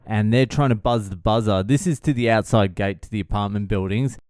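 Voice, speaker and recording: A sardonic man in his thirties, swearing freely as he tells a story in a casual monologue. His voice is smooth and resonant, recorded close and dry with no room sound. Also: fairly low pitch, brisk, darkish tone, dry recording. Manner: profane, sardonic, exasperated. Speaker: vlogger.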